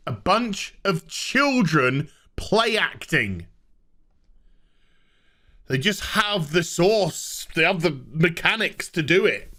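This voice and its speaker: A high-pitched man rants through a comic TV recap, sarcastic and exasperated. His voice is bright and very animated, swooping up and down as he complains. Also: a little slow. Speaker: TV show reviewer. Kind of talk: comedic rant recap.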